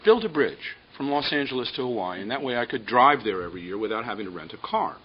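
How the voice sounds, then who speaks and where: A man's voice: mid-range voice, big pitch swings, fast talker, slightly rough. A man playing a simple bewildered father. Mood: earnest. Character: simple ordinary middle-aged father. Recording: dull lo-fi audio with faint hiss.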